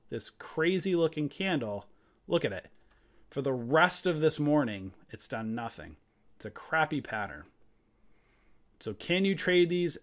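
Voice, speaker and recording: A man with a mid-range voice teaches a live trading session over a screen share, talking into a desk mic. As the trading room host he is blunt and fired up, ranting emphatically and casually tossing in mild swears.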